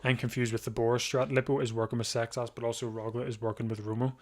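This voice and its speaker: A man hosts a live watch-along of a bike race, chatting casually while sleepy and yawning. His mid-range voice holds a level tone; he's chatty, thinks aloud with frequent restarts, and is quick to laugh.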